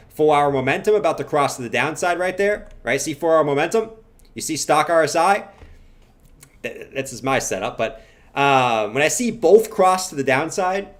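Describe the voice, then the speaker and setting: Joking around with his chat on a casual livestream, a man with a somewhat high voice moves on to discussing chart analysis, and every so often he erupts into loud chanting.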